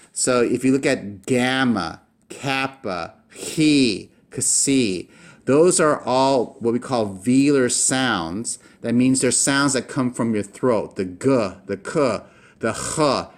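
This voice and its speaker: A man teaching a recorded language lesson, explaining patiently with many fillers and restarts and slowing down to sound out each word carefully. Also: mid-range voice. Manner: slows down to sound out words carefully.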